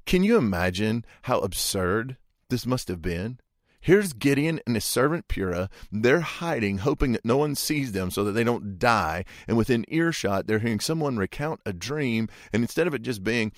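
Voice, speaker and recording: A man with a fairly low voice preaches a sermon as relaxed storytelling. He talks in a folksy, conversational way and keeps asking the listeners to imagine the scene. The sound is dry and close. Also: moderate pace, dry recording. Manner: folksy, imagines aloud, asks listeners rhetorical questions. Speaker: pastor.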